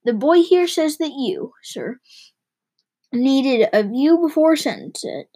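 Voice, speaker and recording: A gleeful, bellowing male coach driver who talks in riddles and sings out his warnings, put on by a woman reading aloud. The voice sits noticeably higher than the reader's own and stays loud. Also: expressive, slow pace. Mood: boastful. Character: reckless boastful male mail-coach driver.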